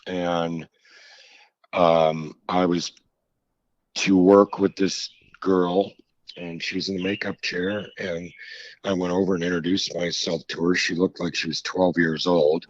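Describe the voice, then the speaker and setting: A middle-aged man, an author, telling his story frankly in an interview, halting and reflective with many restarts. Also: sits low, little pitch movement, no echo. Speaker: author guest. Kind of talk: candid interview conversation. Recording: slightly dull lo-fi audio.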